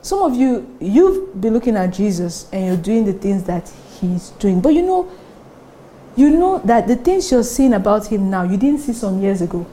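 A Nigerian woman pastor preaching a sermon, animated and often laughing between her points. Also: mid-range voice, normal speed, slight background noise. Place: church service with congregation responding.

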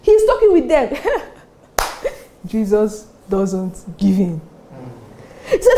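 A Nigerian woman pastor preaching a sermon, animated and often laughing between her points. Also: mid-range voice, takes it slowly, pauses often, a little hiss or hum. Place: church service with congregation responding.

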